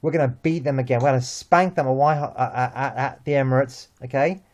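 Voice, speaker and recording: A young man with a London accent, chatting about football as host, lively and full of restarts and repeated words. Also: medium pitch, a little fast, crowd noise. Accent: London English. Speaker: vlog host. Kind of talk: casual football chat.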